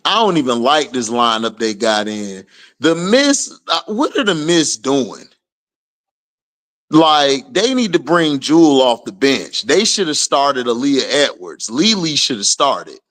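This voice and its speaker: Male streamer, unhurried delivery, casual trash-talking game commentary with frequent laughs. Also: medium pitch. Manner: slangy, laughing, animated trash talk. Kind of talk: casual live watch-along commentary.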